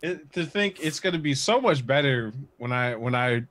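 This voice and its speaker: A man's voice: mid-range voice, lively intonation, normal speed, fairly bright tone. A man co-hosting a sports stream in casual banter, teasing his partner and laughing along. His voice sits in a middle range. The sound is dry and close, with no room echo. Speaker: co-host.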